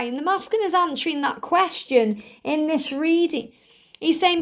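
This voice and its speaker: A woman's voice: very high-pitched, a little fast. A woman giving a spiritual card reading to her viewers, in a soothing, reassuring voice with lots of repetition. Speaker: tarot card reader.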